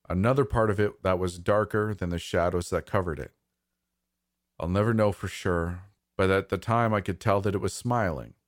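A man narrating a first-person horror story in a slow, measured, somber way. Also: deep voice, dry recording, studio quality.

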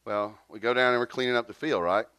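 A man, preaching a sermon and telling a story with lively jumps in pitch. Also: quick pace, clean tone, dry recording. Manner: animated, jumps to high pitch for quotes. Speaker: pastor.

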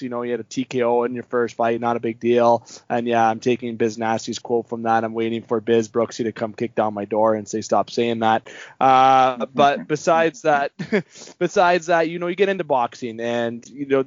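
A male podcast host asks his questions in a loose, rambling way, full of fillers and restarts. His audio is very dry and a bit dull, as if from a low-grade mic. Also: no room sound. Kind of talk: casual interview chat.

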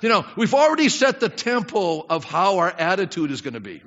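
A man's voice: high voice, big pitch swings, a little fast, a bit bright. A middle-aged man preaching a sermon as pastor, talking conversationally, asking the congregation questions and acting out prayers. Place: church sanctuary with congregation. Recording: dull sound with long hall reverb.

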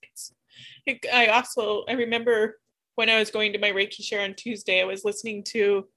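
A woman at an ordinary middle pitch talks through a spiritual reflection in a searching, halting way. She often breaks off and restarts her sentences as she looks for the right words. Her delivery stays candid and emotionally open throughout. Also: little pitch movement, bright, forceful tone. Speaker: spiritual vlogger. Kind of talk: personal spiritual reflection monologue.

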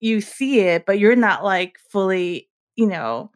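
A woman's voice: mid-range voice, animated, measured pace. Chatty female interviewer. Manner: agreeable, with frequent "like" and "you know". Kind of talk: casual interview chat.

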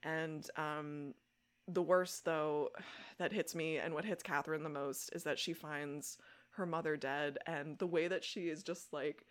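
A young adult woman co-hosting a podcast, recapping a show episode in casual chat, animated and laughing as she acts out quoted lines. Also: low voice, a little slow. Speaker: podcast co-host.

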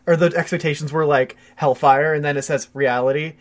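A man's voice: on the high side, steady tone. A young man co-hosting a podcast, explaining his views in an easygoing way with many fillers. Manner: measured, explanatory, hedging with fillers. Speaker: podcast co-host. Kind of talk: casual chat.

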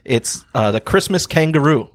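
A man's voice: fairly high pitch, animated, moderate pace. A man co-hosting a comedy podcast, telling a joke story and laughing through it. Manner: laughs through his own bits. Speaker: podcast co-host. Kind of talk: casual comedy chat.

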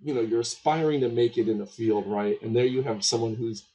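A man's voice: medium pitch, fairly even intonation, fairly quick, mellow, slight background noise, poor audio. A male host interviewing a guest, asking encouraging, playful questions.

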